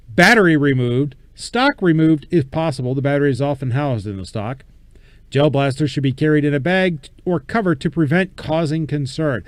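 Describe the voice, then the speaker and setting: A man's voice: fairly high pitch, no echo. A man hosting a casual show, speaking bluntly with casual swearing and reading news items aloud. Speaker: show host.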